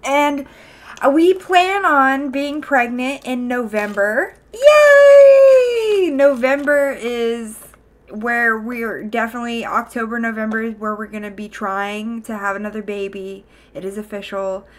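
On the high side and unhurried, this young woman's voice keeps a fairly even intonation. She's streaming and chatting casually to her viewers, rambling along with lots of fillers, restarts and self-corrections.

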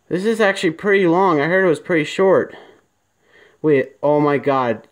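A man's voice: on the high side, moderate pace. A man giving let's-play commentary, jumpy and panicky, repeating himself and talking straight to his viewers. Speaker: gaming video creator.

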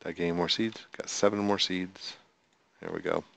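Low, gravelly man, unhurried let's-play host who mutters to himself while playing. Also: fairly even intonation, noisy background. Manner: chatty, talks to himself and counts aloud; talks to the in-game animals. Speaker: gameplay video host. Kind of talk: casual gameplay commentary.

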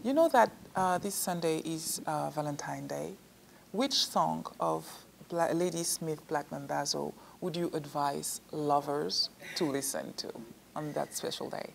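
Woman interviewer, playful and teasing, lowish gravelly voice. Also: measured pace, slight background noise. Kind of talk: lively interview questions.

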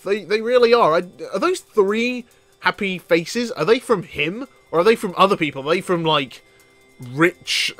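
A man commentating on a let's play in a chatty, excitable way, laughing often. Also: high-pitched. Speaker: gaming video host.

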